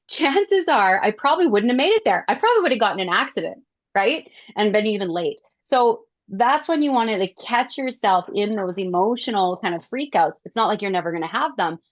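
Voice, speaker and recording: A woman wellness coach leading a class, telling stories and acting out her own reactions in a lively way. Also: medium pitch, dry recording, lo-fi sound.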